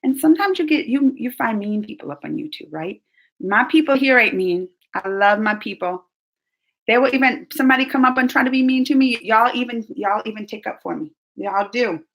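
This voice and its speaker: A woman's voice: on the high side, animated, brisk, vocal fry, a bit bright. A woman hosting her own reaction channel, chatting casually with viewers during a live stream, gushing and laughing often. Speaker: YouTube reaction channel host.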